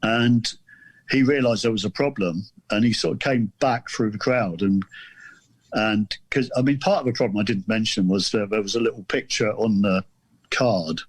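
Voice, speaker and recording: A man's voice: fairly low pitch, normal speed, husky, no echo. A middle-aged man from the south of England telling a story on a podcast, rambling and self-deprecating, with many restarts. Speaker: podcast guest, author. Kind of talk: casual storytelling.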